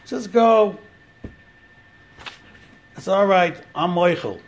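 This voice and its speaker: A man voicing a patient man who turns down an offer with gentle, dismissive politeness. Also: sits high, extremely slow. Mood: politely declining.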